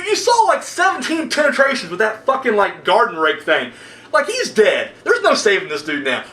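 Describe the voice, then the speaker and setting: A man with a very high, bouncy voice rambles through a horror film review, cursing and laughing. He sounds set back from the mic in a roomy, echoing space. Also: recorded from a distance. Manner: excitable, profane, laughs while talking.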